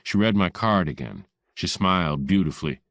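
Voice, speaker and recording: Deep-voiced male audiobook narrator. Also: lively intonation, normal speed, a bit bright, no room sound. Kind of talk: first-person hardboiled narration.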